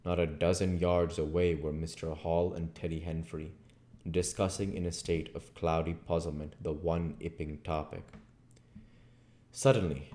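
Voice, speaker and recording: A man reading a classic novel aloud as audiobook narration. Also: low-pitched. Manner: slow, expressive reading. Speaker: audiobook reader.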